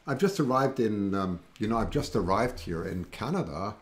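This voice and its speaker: A man's voice: lowish voice, expressive, normal speed. A man with a German accent, hosting a casual livestream, chatting and rambling and reading out viewer comments. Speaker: livestream host.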